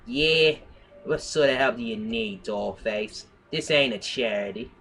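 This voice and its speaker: A hard-boiled private eye talks tough in an exaggerated Brooklyn accent, as a man puts him on for a comic reading. His voice is bright and forceful, and faint noise sits behind it. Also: mid-range voice, unhurried. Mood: gruff. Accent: put-on Brooklyn. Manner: tough-guy noir swagger.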